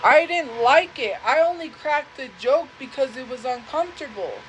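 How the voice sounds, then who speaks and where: Young woman livestreaming, kinda high voice, earnest and halting, keeps repeating herself. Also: animated, a little hiss or hum, rough recording. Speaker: livestream host. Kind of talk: emotional personal storytelling.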